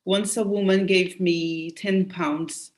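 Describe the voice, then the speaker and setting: A woman's voice: on the low side, steady tone, slow pace. A woman from Brazil, Portuguese by first language, speaking English with a Brazilian accent as host of a casual conversational interview, telling stories in a loose way with restarts. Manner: storytelling, loose and chatty with restarts.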